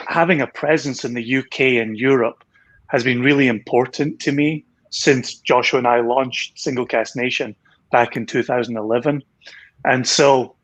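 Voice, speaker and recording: A Scottish man with a transatlantic accent, a whisky company co-founder chatting enthusiastically on a video call, with plenty of fillers and self-deprecating asides. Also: mid-range voice. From Scotland. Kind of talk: casual livestream chat.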